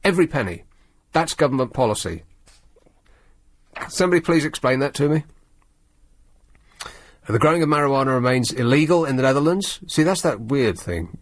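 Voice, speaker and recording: A man's voice: medium pitch, no echo. Sardonic male radio host. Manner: sardonic, rambling, halting. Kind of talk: late-night talk radio monologue. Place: radio studio.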